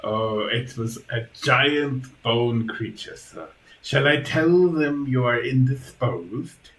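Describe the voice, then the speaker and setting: A man voicing a servile, stitched-together male creature who serves as a butler and talks in slow, formal phrases. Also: mid-range voice, fairly bright tone, poor audio.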